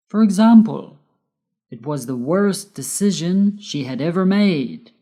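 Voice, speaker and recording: Woman, English grammar lesson, low voice, slow pace, careful spelling. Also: mellow. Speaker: English teacher.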